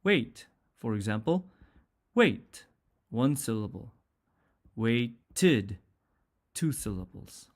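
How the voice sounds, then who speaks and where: A man's voice: lowish voice, big pitch swings, takes it slowly. A man teaching an English pronunciation lesson, speaking carefully and repeating sounds and example words one at a time.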